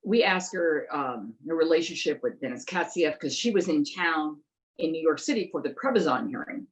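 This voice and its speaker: A middle-aged woman speaks with an emphatic, animated delivery on a political discussion show and trips over words at times. Her voice sits low for a woman and swings up and down a lot. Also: moderate pace, poor audio. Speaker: interviewer, investigative journalist.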